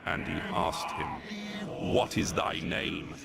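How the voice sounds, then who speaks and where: A man's voice: takes it slowly, natural voice. An actor playing Legion, a grandiose ancient male villain who mocks and gloats, voiced in a video game cutscene. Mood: ominous. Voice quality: gravelly, theatrical and mocking. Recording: game audio with loud background noise.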